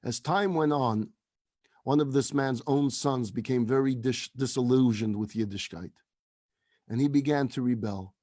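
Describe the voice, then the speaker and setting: A man, a rabbi, telling a story as a sermon, acting out the dialogue in his voice and dropping to a hushed, slow delivery at emotional peaks. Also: medium pitch, no room sound, clean studio sound.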